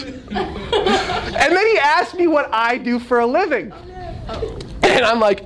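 A man who is a minister, telling a humorous story from the pulpit in an animated, self-deprecating way. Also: very high-pitched, a little slow, poor audio.

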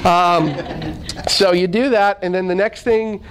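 A man who is a minister, telling a humorous story from the pulpit in an animated, self-deprecating way. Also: high voice, unhurried, rough recording.

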